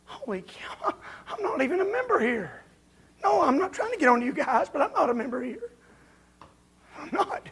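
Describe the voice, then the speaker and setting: A man preaching a folksy, confrontational revival sermon as a visiting preacher in a church, building up to shouting. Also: very high voice, big pitch swings, moderate pace, long pauses. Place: church during a revival service.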